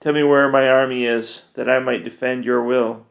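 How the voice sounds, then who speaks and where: A man's voice: medium pitch, fairly even intonation, normal speed, creaky, close to an everyday voice. A man voicing a humbled, newly crowned male king who speaks earnestly and eagerly. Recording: dull lo-fi recording.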